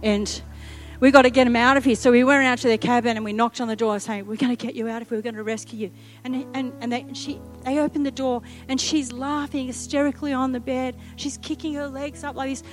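A middle-aged woman preaches in a high voice, telling a lively, funny story and acting out each quote. Faint music plays underneath her. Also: a little fast. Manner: lively, humorous, acts out quotes. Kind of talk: sermon storytelling.

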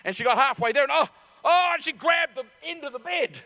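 A middle-aged preacher with a very high voice for a man. He tells the story with many stops and restarts and acts out the voices. His sermon builds into loud, desperate shouts. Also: fast talker, creaky. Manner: animated storytelling, acting out voices. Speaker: pastor.

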